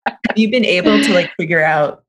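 A woman co-hosting a podcast in a casual, playful chat, quick to laugh. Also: lowish voice, a bit bright. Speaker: podcast co-host.

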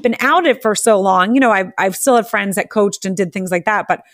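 Chatty, excitable woman podcast host. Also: mid-range voice, fairly quick, no echo, clean studio sound. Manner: chatty, excited, laughs often. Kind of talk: casual interview chat.

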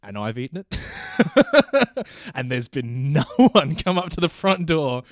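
A man's voice: fairly high pitch, sing-song, takes it slowly, no echo, clean studio sound, voice pushed up. A man putting on a brash, swearing, patriotic Australian bloke with a blustering, crude-slang manner and an Australian accent. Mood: ranting.

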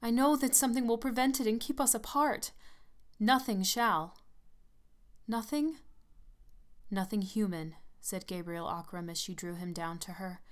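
A woman narrating a gothic story as an audiobook, measured and hushed. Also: mid-range voice, clean tone.

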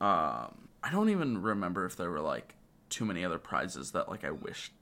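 A man's voice: deep voice, huge pitch swings, moderate pace, pushed and bright. A man who is a guest co-host on a podcast, chatting casually in a laid-back way with fillers.

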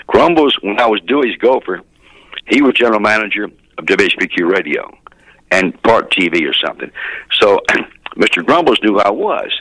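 An older man tells radio-career stories in a folksy interview manner. His voice is fairly low yet bright and forward, and he clears his throat now and then. The recording is dry and close. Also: sing-song, normal speed, no echo, low-quality recording. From Memphis, USA. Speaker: guest, radio DJ. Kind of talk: casual storytelling interview.

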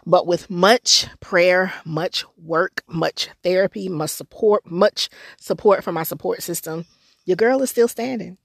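A middle-aged woman from North Carolina hosting a podcast, telling her own story in a candid, conversational way with animated bursts. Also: fairly low pitch, measured pace, vocal fry, breathy edge, dry recording, clean studio sound. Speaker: podcast host.

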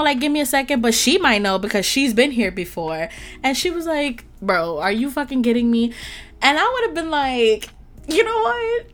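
Brief: twenties woman podcast host, loose profane storyteller, slightly high pitch. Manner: animated, profane, laughing asides. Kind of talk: casual storytelling.

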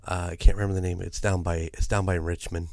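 A man co-hosting a podcast, talking in a rambling, halting way with many fillers. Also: low-pitched, flat delivery, darkish tone, no echo. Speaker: podcast co-host. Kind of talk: casual chat.

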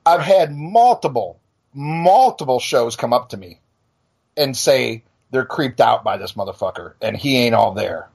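A man's voice: mid-range voice, animated, unhurried, vocal fry, darkish tone, breathy edge. A middle-aged male podcast host on a blunt, profane rant, tripping into restarts as he talks. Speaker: podcast and radio show host. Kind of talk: heated casual rant.

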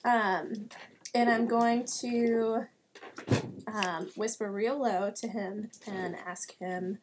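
A woman playing a tabletop role-playing game, talking softly and hesitantly with many ums. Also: medium pitch, fairly even intonation, slow, background noise. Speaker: player.

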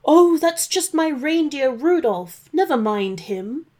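A woman's voice: high voice, expressive, takes it slowly, a little mellow, voice pushed up. A woman voicing a nervous, bumbling Santa Claus, an old man who stammers and fibs cheerfully. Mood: earnest.

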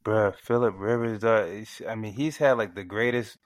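A man's voice: on the low side, fairly even intonation, moderate pace, no echo. A man co-hosting a sports podcast in casual chat, laid-back and slangy, laughing often. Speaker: podcast co-host.

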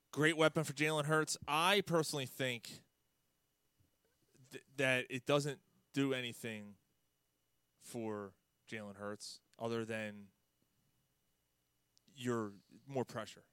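A man's voice: mid-range voice, slow, pauses often, bright, forceful tone, smooth, no echo. A man rambles through casual sports talk, exasperated and profane. His voice sits in the middle of the range. The sound is dry and close. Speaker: podcast host.

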